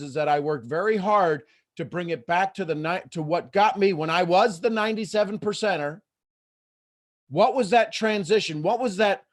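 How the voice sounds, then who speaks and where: A man hosting a live coaching call, talking in an animated way and acting out the voices in people's heads. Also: on the high side. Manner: animated, acts out inner voices. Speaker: host and motivational coach.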